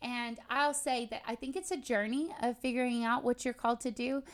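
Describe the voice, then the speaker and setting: A woman's voice: fairly high pitch, fairly even intonation, a little fast. Earnest woman teaching on a faith podcast. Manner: earnest, conversational, personal storytelling. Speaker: podcast host and Bible teacher.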